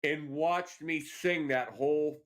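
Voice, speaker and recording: A man hosting a casual after-show chat, telling stories in a lively way and swearing freely. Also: a little high, slow pace. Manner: animated storyteller, swears freely. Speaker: show host.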